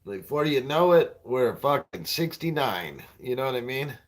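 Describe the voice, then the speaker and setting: A man's voice: medium pitch, big pitch swings, moderate pace. A man in his forties hosting a livestream, rambling through crude jokes and chatting with viewers, often laughing at his own punchlines. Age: 40s. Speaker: livestream host. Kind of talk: crude stand-up style banter with viewers.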